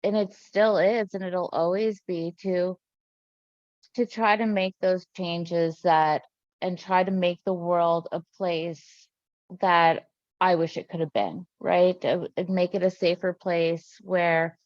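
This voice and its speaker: Low-voiced woman, dull dry sound. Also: steady tone, darkish tone, dry recording. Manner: earnest, halting, many restarts. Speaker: harm reduction worker. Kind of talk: personal sharing on a video call.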